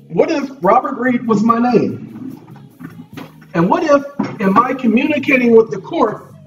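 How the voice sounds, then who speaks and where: A man with a high-pitched voice lectures his viewers in a repetitive, preachy monologue from his computer desk. He keeps checking in with "okay?" as he talks. He sits back from the mic, and the lo-fi sound carries faint music behind it. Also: distant mic.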